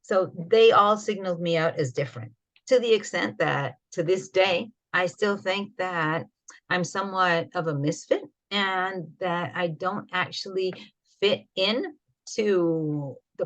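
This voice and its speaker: A woman from Canada, co-hosting an educational podcast, who tells her own background in a thoughtful way with many pauses. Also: on the low side. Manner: thoughtful, hesitant, frequent "mm" pauses. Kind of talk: reflective personal account.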